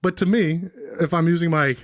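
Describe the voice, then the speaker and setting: A man's voice: fairly high pitch, steady tone, a little fast, dry recording, studio quality. A man co-hosting a podcast in casual chat, swearing freely and acting out quotes. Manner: swears freely, acts out quotes, laughs often. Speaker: podcast co-host.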